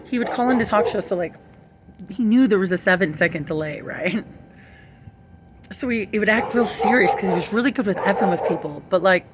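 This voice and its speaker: A woman's voice: mid-range voice, a little fast, background noise. A young woman telling a rambling, profane story to her camera, laughing often. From St. Louis area. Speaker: vlogger.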